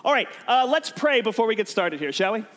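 A high-voiced man with a bright, eager delivery gives a sermon to a live crowd, cracking jokes and pulling the room into games. He sounds like a youth pastor keeping everyone involved. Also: a little fast, slight background noise. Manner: animated and joking, prompts the crowd to shout answers. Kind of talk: energetic sermon to a live audience.

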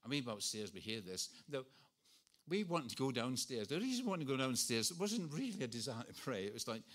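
A man's voice: mid-range voice, big pitch swings, brisk, fairly bright tone. A Scottish man in his sixties preaching a sermon, earnest and storytelling with self-deprecating humour. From Scotland. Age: 60s.

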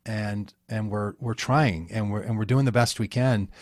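A man with a lowish voice talks as an interview guest. He rambles, circles back and restarts his sentences in a folksy pastor's way. The sound is close and dry. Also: fairly even intonation, normal speed, dry recording. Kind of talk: casual conversation.

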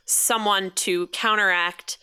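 A woman co-hosting a podcast in an excitable, casual chat, swearing and laughing often. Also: medium pitch, slow, clear, resonant tone. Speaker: podcast co-host.

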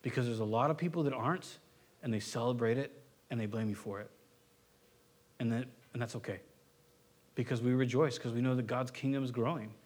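A man's voice: medium pitch, a little fast, long pauses, a little mellow. A man pastor preaching a sermon in a conversational way, with joking asides, building to an earnest, impassioned plea. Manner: conversational, rising to impassioned pleading; self-correcting, joking asides.

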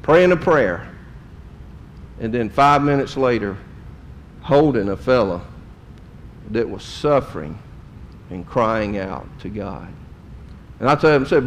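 A middle-aged man preaches in a homespun, storytelling way and lets emotion show. His pitch sits in an ordinary middle range. Faint background noise runs under his voice. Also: expressive, takes it slowly, long pauses. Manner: folksy, emotional storytelling with drawled Southern phrases. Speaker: pastor. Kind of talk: sermon storytelling.

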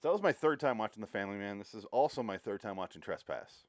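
A man's voice: lowish voice, animated, fast, no room sound, clean studio sound. A man co-hosting a casual movie podcast, talking in a sardonic, profane way. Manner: profane, sardonic, mocks scenes with put-on quotes. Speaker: podcast co-host. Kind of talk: casual movie review chat.

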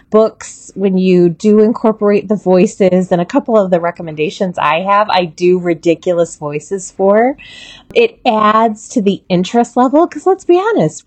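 A woman who is an educator and parent, chatting on a podcast and telling expressive, animated stories about reading with her children. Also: mid-range voice, no echo. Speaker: guest educator. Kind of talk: casual podcast chat.

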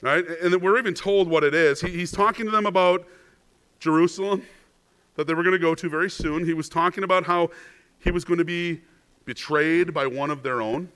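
A male pastor delivers a sermon in a chatty, conversational way, checking in with the congregation with "right?" and doubling words to stress a point. His voice is bright and forceful and sits a little high for a man. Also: brisk, clean tone.

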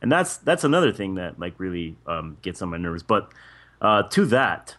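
A man in casual podcast chat, animated and swearing freely as he vents about commentators. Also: low-pitched, normal speed. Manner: animated, profane, emphatic. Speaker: podcast co-host.

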